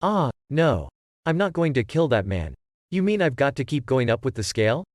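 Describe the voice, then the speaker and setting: A man's voice: mid-range voice, big pitch swings, moderate pace, no echo, studio quality, natural voice. A man reading the lines of an anxious male test subject who hesitates and pleads in a plain, folksy way. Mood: uneasy, pleading.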